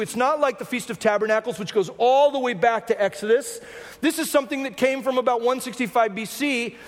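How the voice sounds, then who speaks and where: A man, a pastor, giving a sermon in a conversational teaching manner with frequent asides to the congregation. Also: extremely high pitch. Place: church sanctuary. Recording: long hall reverb.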